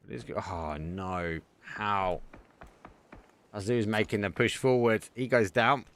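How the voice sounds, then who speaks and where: A man with a lowish voice calls a live esports match play-by-play. He talks in short, quick bursts and gets excited as the action builds. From Essex, England. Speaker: esports caster. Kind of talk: live play-by-play game commentary.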